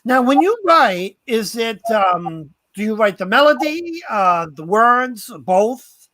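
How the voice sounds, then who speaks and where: Lively excitable male host, dry sound. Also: high-pitched, takes it slowly, no room sound, rough recording. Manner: excitable, laughs a lot. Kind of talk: casual chat.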